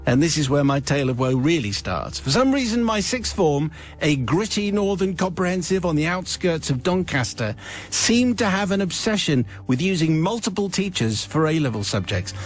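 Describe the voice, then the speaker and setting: A radio host reading a listener's confession letter aloud with wry, theatrical storytelling, in a studio. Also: male voice, fairly high pitch, sing-song, normal speed, faint music behind. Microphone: studio microphone.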